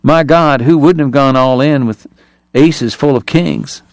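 A man's voice: medium pitch, unhurried, no echo. Dry, close male audiobook narrator. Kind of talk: scripted narration.

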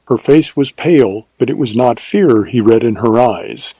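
Male audiobook narrator, measured storyteller, husky tone, dry close studio mic. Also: medium pitch, warm tone, no echo, poor audio. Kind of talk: scripted narration of a western novel.

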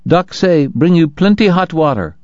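A man's voice: on the high side, animated, moderate pace, a little mellow, no echo, pitched above the performer's own voice, lightly acted. A man voicing a middle-aged laundryman who speaks in short, clipped broken English. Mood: brisk. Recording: dull lo-fi dry recording.

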